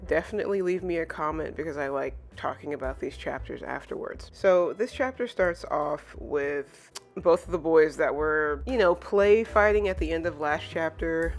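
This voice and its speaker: A woman hosting her own channel, chatting casually through a chapter review and filling her talk with "like" and "you know". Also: low-pitched. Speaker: manga reviewer, channel host.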